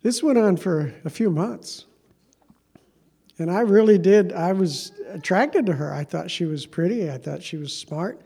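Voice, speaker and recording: A man's voice: sits high, expressive, unhurried, creaky, dark tone, husky. A man preaching a sermon as pastor, telling a story in a conversational, self-deprecating way.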